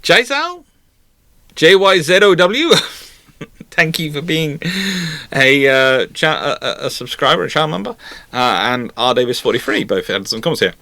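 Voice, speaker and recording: A man's voice: medium pitch, animated, moderate pace, gravelly, bright, forceful tone, no room sound. A man hosting a history channel, chatting casually and correcting himself as he reads out viewer comments. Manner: rambling, self-correcting, chatty.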